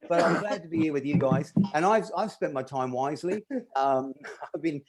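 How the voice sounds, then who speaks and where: A man doing a stand-up set, his voice a little higher than most men's. He rambles from one travel story to the next in a self-deprecating way and keeps breaking into laughs at his own jokes. Now and then faint audience laughter comes in behind him. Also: moderate pace. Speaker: stand-up comedian.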